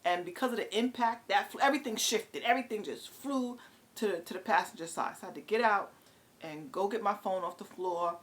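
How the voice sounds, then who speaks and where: A middle-aged woman from New City, telling a story in an exasperated, halting vlog rant. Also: medium pitch. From New York City. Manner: animated, exasperated, halting with many fillers. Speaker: vlogger.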